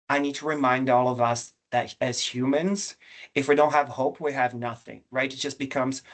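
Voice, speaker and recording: Earnest man, flat steady delivery. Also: mid-range voice. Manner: earnest, reflective, openly emotional. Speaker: panelist, government director. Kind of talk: panel discussion. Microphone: video call.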